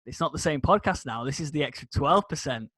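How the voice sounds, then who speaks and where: Man, podcast co-host, relaxed teasing banter, slightly high voice. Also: fairly quick. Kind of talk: casual podcast chat.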